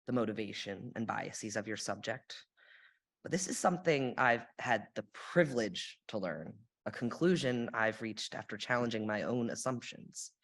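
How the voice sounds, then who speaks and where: A young woman delivers a sermon from a church sanctuary. Her delivery is reflective and measured, with an occasional dry, sarcastic aside. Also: rumbling low, gravelly. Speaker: lay sermon speaker.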